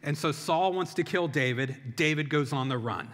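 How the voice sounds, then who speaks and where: A middle-aged man delivers a sermon with a bright, slightly high voice, telling the story in an easy conversational way. His words ring out with the long reverb of a large hall. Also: normal speed.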